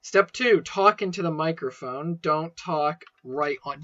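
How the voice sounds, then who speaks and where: A man's voice: on the high side, moderate pace, hardly any pauses, bright, forceful tone, no echo, highs cut off. A young man rambling casually and swearing as he unboxes and sets up a microphone at home. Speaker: video creator. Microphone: desk microphone being set up.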